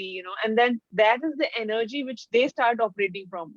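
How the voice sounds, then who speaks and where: Female host, higher voice, keeps saying "you know", dry dull call audio. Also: fast talker, hardly any pauses, no room sound. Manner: warm agreeing, repeats "you know". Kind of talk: casual interview chat.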